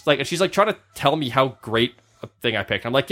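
Animated man telling a story. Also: mid-range voice, fast, hardly any pauses. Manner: animated storyteller, acts out quotes. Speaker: podcast co-host. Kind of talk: casual chat.

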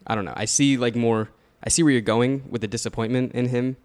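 A man's voice: medium pitch, fairly even intonation, fairly quick, a little mellow. A man co-hosting a casual podcast, talking hesitantly with many fillers. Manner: casual, hesitant, laughs often. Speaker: podcast co-host.

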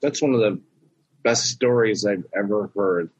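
A man hosting a casual talk show, making slow, relaxed remarks. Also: lowish voice, slightly rough, lo-fi sound.

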